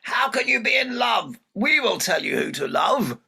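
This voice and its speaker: A man voicing a stern, commanding sun goddess who shouts at her daughter in a told folktale. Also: fairly high pitch, lively intonation, normal speed, vocal fry, breathy edge, full character voice. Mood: angry.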